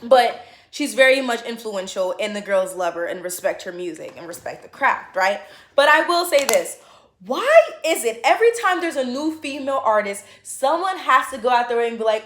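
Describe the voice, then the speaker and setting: A woman's voice: fairly high pitch, lively intonation, normal speed, fairly bright tone, reverberant, slight background noise. A woman vlogger giving her opinions in a casual chat to camera, with lots of fillers and restarts.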